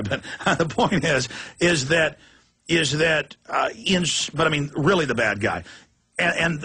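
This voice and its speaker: A man hosting a talk show, ranting passionately and rapidly. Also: on the high side, sharp tone, breathy edge. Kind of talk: heated political talk.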